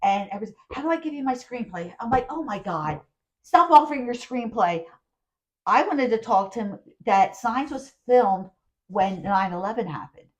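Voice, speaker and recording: A woman co-hosting a casual podcast chat, telling animated stories with frequent laughs. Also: on the high side, moderate pace. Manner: animated storyteller, laughs often. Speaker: podcast co-host. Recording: dull lo-fi sound.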